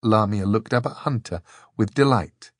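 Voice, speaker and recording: A man narrating an audiobook in a measured, expressive way. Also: lowish voice, no room sound.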